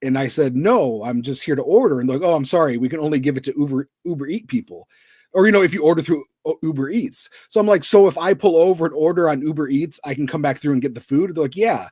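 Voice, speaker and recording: A man's voice: on the high side, fast talker, darkish tone, breathy edge, no echo, studio quality. A man co-hosting a casual podcast chat, rambling through anecdotes and quoting people in disbelief. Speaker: podcast co-host.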